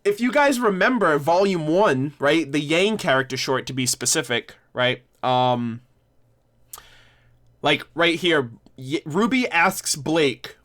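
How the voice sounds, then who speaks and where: A man's voice: on the high side, measured pace, a bit bright. Chatty man hosting a livestream. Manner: rambling, self-correcting, laughs often. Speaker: livestream host. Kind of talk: casual livestream discussion.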